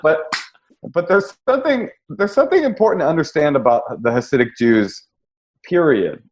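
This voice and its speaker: A man's voice: a little high, lively intonation, normal speed. A man, a comedian guest, telling wry, self-deprecating stories in a casual podcast chat. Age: young adult.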